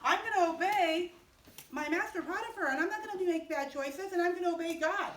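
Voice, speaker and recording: A woman's voice: very high-pitched, brisk, a bit bright, slight background noise, voice pushed up. A woman voicing Joseph, an honest seventeen-year-old, firmly refusing in a children's Bible story, recorded from far away in an echoey room.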